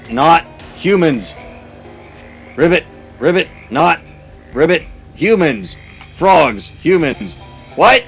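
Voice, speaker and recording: A man voicing a chorus of rude, cursed frogs that chant in blunt, croaky one-word bursts. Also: mid-range voice, a bit bright.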